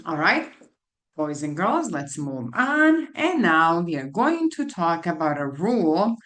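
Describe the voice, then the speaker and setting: A woman tutor speaks with very slow, careful pacing and an animated, swooping pitch, slightly low in register. She spells out letters and repeats each word to a class of young children. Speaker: literacy tutor. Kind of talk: teaching a phonics lesson to children.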